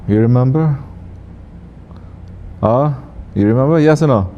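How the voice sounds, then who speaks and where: A man's voice: mid-range voice, a little slow, lo-fi sound, a little hiss or hum. A man with a Turkish accent gives a teaching talk to a congregation, quizzing the audience and teasing them with repeated questions. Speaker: sufi teacher.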